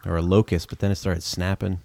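A man's voice: low voice, level tone, fairly quick, vocal fry, warm tone. A man giving casual reaction commentary on bird sounds, joking, exclaiming and swearing.

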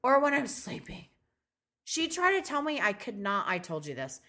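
A woman's voice: a little high, moderate pace. A woman co-hosting a podcast, chatting casually and telling stories with quoted back-and-forth. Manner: chatty, animated storytelling with quoted dialogue. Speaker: podcast co-host. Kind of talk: casual chat.

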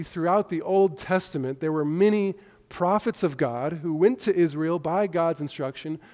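High-voiced preacher in echoing hall. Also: male voice, a little mellow. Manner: measured teaching with small restarts. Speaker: pastor. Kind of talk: expository sermon. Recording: long echo of a hall.

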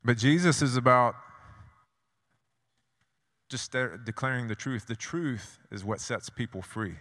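A male preacher delivering a sermon at a middle pitch, his voice trailing off into a long reverb that fills the church sanctuary. He tells stories, asks rhetorical questions and hammers ideas home through repetition. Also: animated, unhurried, a bit bright.

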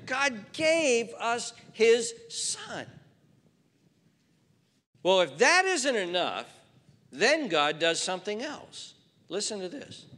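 A male pastor delivers an emphatic sermon in a fairly high voice. His pitch rises and falls dramatically as his fervour builds. The sound carries through an echoing church hall. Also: big pitch swings, slow. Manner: emphatic, building from quiet to fervent.

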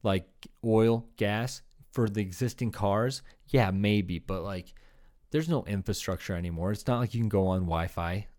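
A man's voice: lowish voice, normal speed, darkish tone. A young adult man hosting a solo comedy podcast, rambling and swearing as he riffs on absurd hypotheticals and slips in voices of made-up people. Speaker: podcast host.

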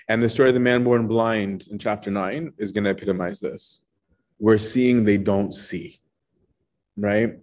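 A Bible teacher with a fairly low voice leads a casual Bible study, working through scripture in a relaxed, conversational manner. He often adds a quick "right?" to make sure his listeners are keeping up.

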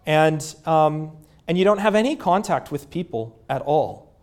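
A man in his thirties preaching a sermon in a conversational way, with fillers, dropping to a hushed voice at tender moments. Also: on the high side, sing-song, measured pace. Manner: drops to a hushed voice at moving moments. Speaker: pastor.

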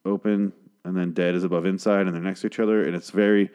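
Guy with a lowish voice talking quietly at home at night, swears a lot, casual recap. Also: level tone, fast, clean tone. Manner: hushed, keeping quiet late at night, swears often. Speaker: show recapper. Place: home at night, a girlfriend asleep in the next room.

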